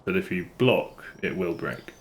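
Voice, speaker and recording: Deep-voiced British man streaming a game. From Britain. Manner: unhurried, chatty, answers chat with dry humour. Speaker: live streamer. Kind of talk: casual live gameplay commentary.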